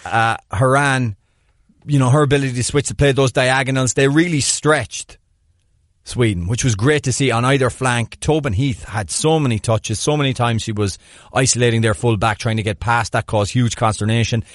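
A man talks through match tactics in a relaxed podcast chat, picking apart each play with lively detail. His voice sits mid-range and sounds dry and close, with no room around it. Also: medium pitch, moderate pace, dry recording. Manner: animated, breaks down plays in detail. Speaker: podcast co-host. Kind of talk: casual sports analysis chat.

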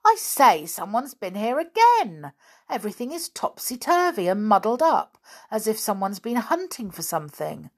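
A woman voicing an excitable, curious young schoolboy in a storybook reading. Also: mid-range voice, a little slow, husky, full character voice. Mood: eager. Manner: eager, exclaiming.

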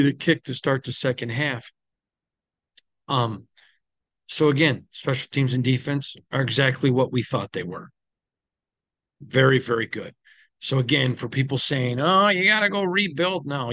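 A man with a mid-range voice hosts a sports team recap podcast as a team insider, recorded with no room sound. He's conversational and opinionated, with frequent ums, and he sounds tired, even yawning.

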